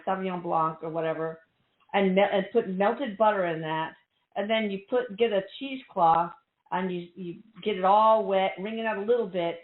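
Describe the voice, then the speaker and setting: A middle-aged woman hosting a radio show, chatting casually and rambling with restarts. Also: medium pitch. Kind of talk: casual chat. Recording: echoey, tinny phone-like line.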